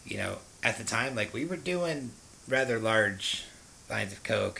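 A man's voice: on the low side, vocal fry, sharp tone, a little hiss or hum, rough recording. A man frankly telling the story of his past drug use, rambling with fillers and restarts. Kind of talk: candid personal storytelling.

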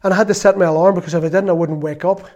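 A man in his fifties preaching a sermon in an earnest, conversational way, at times dropping to a soft confessional tone. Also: sits high, steady tone, very fast, muffled recording. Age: 50s.

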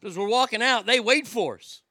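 A man's voice: very high voice, normal speed, bright, forceful tone, dry recording, clean studio sound. A man telling a story as an angry, swearing rant, heated and indignant.

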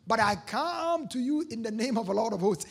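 A preacher delivering a sermon. The preacher reads scripture aloud, repeats key phrases, calls for responses from the congregation, and swings between quiet lines and shouts. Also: medium pitch, animated, a little fast, gravelly, husky.

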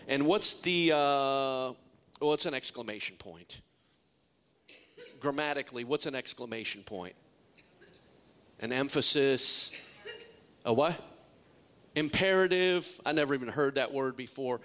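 A male pastor preaching a sermon in a joking way, asking the congregation many questions. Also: a little high. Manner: lively, joking, rhetorical questions.

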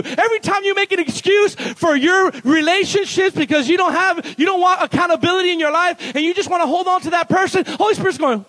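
Very high-voiced animated male preacher. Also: fast, hardly any pauses, low-quality recording. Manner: animated, laughing, playful asides between bold declarations. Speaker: pastor. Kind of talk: sermon. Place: church service.

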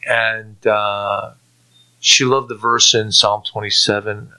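A middle-aged man giving a personal faith testimony in an earnest, halting way, often restarting and repeating words. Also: fairly low pitch, little pitch movement, pushed and bright, smooth. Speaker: testimony speaker.

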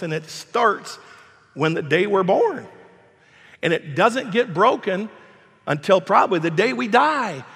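A man's voice: high voice, gravelly, fairly bright tone, breathy edge, big-room sound. An older man preaching a sermon as pastor, emphatic and repetitive, in a church sanctuary.

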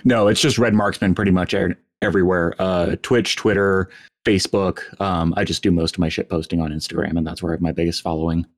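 Deep-voiced rapid-talking male guest. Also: steady tone. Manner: quick, casual, swears. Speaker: podcast guest. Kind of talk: casual podcast chat.

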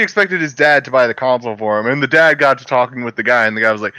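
A young man from Louisiana in casual podcast chat, telling stories with quick silly voices. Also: mid-range voice, dry recording. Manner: animated storyteller doing quick silly voices.

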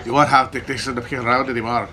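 This livestream host speaks very fast at a medium pitch with little movement in his voice, and background noise is audible. He fields questions from chat with jokey, profane, irreverent riffs that wander all over.

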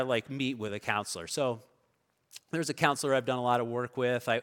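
A male pastor delivers a sermon in a relaxed, storytelling manner, his voice moving between soft asides and louder bursts. His pitch sits mid-range for a man. The sound carries the long reverb of a big church hall. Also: clear, resonant tone. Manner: conversational storytelling, varying loud and soft.

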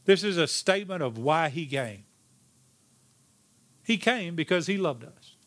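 A man preaching a sermon as pastor, emphatic, rising in pitch and then dropping to a hushed, slow delivery. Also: expressive. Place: church sanctuary.

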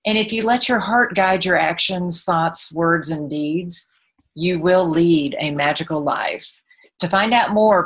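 A woman from Texas with a Texan accent hosts a radio talk show. Her voice sits a little low, and she speaks gently and warmly about love and authenticity before chatting easily with her guest. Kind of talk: scripted intro then casual interview.

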